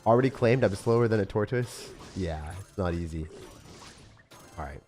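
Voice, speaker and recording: A man's voice: fairly low pitch, expressive, normal speed, a little mellow, faint music behind. A young man streaming a game live, joking at his own expense and answering chat. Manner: self-mocking, jokey, reads and answers chat.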